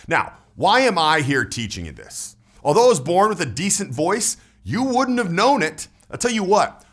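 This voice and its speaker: Animated man giving a punchy pitch. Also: normal speed, few pauses. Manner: emphatic, salesy, shifts between loud punches and low drops. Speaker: voice coach. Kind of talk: persuasive direct-to-camera pitch.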